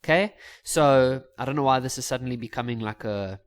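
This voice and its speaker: A man's voice: mid-range voice, brisk, clear, resonant tone. Chatty, self-mocking male science teacher. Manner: joking, self-mocking, chatty, with many fillers and restarts. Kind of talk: casual explanatory lesson.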